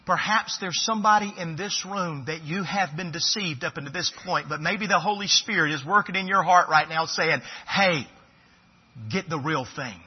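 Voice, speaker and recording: A man preaching a sermon to a church congregation, swinging between loud pleading and hushed, earnest speech. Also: high-pitched, brisk, hardly any pauses, husky. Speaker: pastor. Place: church sanctuary. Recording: echoey church hall, dull lo-fi sound.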